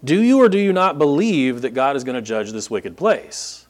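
Male pastor, sermon, animated, rhetorical questions, mock disbelief, lively intonation, church podium. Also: medium pitch, moderate pace. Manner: acts out incredulous reactions.

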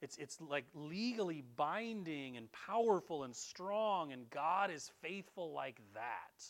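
A man's voice: fairly high pitch, slow pace. A middle-aged man preaching a conversational sermon to his congregation in a church, quoting scripture with feeling. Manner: animated, conversational preaching, quotes scripture in a raised voice. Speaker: pastor. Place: church sanctuary.

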